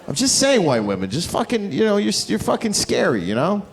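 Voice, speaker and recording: A man performing a stand-up comedy set on a club stage, brash and profane, swinging between loud outbursts and low mutters. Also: wildly swooping pitch, brisk, creaky, some chatter behind. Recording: noisy live club recording. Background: audience laughter.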